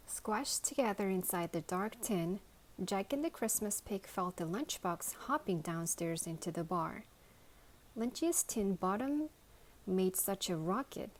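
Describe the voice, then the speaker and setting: Bedtime storyteller lady from korea, reads real slow. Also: lowish voice, a little mellow, low-quality recording. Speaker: reader, mother. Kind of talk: bedtime audiobook reading.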